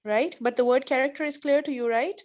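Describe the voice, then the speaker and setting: Over a video call, a woman teacher leads an online class in a slightly high voice with a steady tone. She explains slowly and kindly, offering example after example.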